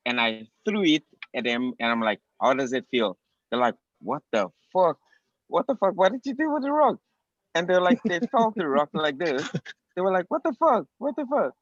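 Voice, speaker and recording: Animated South African man telling a story. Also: on the high side, dry recording, muffled recording. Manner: animated, laughing, profane. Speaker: participant. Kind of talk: excited storytelling. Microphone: video call.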